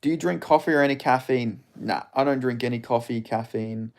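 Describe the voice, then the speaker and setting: A man chats casually and briskly on a live stream, answering viewers' questions in a loose, rambling way. His voice has an ordinary middle pitch.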